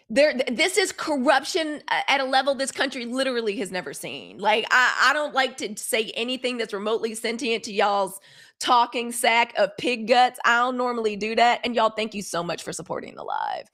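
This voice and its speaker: Fired-up Southern woman, higher voice. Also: sing-song, normal speed, a bit bright. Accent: Southern US, Mississippi. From Mississippi, US. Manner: fired-up, blunt, profane, talks to viewers as "y'all". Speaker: live news show host. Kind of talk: casual live-stream commentary.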